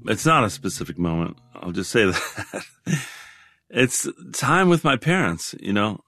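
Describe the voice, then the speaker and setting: A man in his sixties, a guest in a reflective interview, talking in a halting, rambling way with many restarts. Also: on the low side, sing-song, sharp tone, dry recording, studio quality, faint music behind. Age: 60s.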